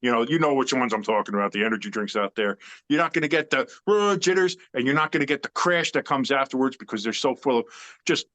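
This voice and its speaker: A man's voice: mid-range voice, quick pace, a bit bright. A man co-hosting a sports podcast in casual chat, opinionated and emphatic, rambling with fillers. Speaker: podcast co-host.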